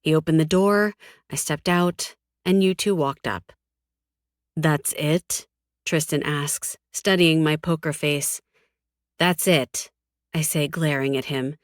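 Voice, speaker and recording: A woman narrating a first-person audiobook in a cold, flat, defiant tone, with frequent swearing. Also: low-pitched, unhurried, no echo, clean studio sound.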